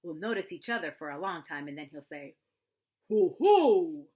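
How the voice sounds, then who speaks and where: A woman voicing a slow, gentle, simple-minded male bear who talks in a ponderous way. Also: lowish voice, expressive, lightly acted.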